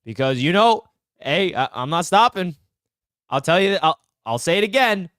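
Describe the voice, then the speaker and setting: A man's voice: high-pitched, expressive, normal speed, fairly bright tone, clean tone, no echo, studio quality. A young man hosting a live sports talk stream, fired up and emphatic as he banters with fans. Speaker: sports channel host.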